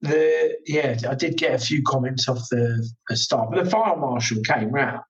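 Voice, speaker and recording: A man's voice: medium pitch, moderate pace, far from the mic, muffled recording. A man, a motorcycle racer guesting on a podcast, telling stories in casual chat and acting out the exchanges he quotes. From England. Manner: animated storyteller, acts out quoted exchanges.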